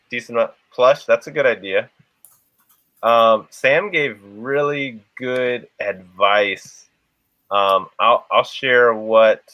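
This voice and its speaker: A man's voice: medium pitch, sharp tone, dry recording, highs cut off. A man hosting a livestream chat, talking in a rambling, conversational way. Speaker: livestream host. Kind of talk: casual chat.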